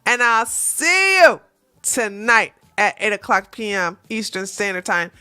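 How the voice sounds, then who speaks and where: A woman hosting a live stream, chatting casually with listeners, laughing and clearing her throat as her voice cracks. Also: mid-range voice, very animated, a little slow, sharp tone. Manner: chatty, laughing, many fillers and restarts. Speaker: host.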